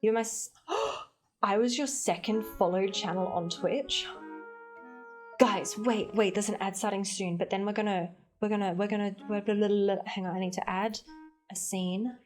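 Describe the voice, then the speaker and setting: A woman's voice: mid-range voice, fairly even intonation, unhurried, pauses often, soft background music. A woman with an Australian accent, chatting casually on a livestream, reading chat aloud and joking playfully with light swearing.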